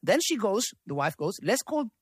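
Lively man hosting a live panel. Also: sits high, normal speed, breathy edge, no echo. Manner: reads messages aloud in a lively voice, with many yeahs and asides. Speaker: host of a debate panel.

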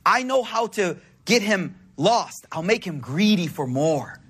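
A man voicing a spiteful, resentful male devil who speaks slowly and schemingly. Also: high voice, expressive, a bit bright, breathy edge, full character voice.

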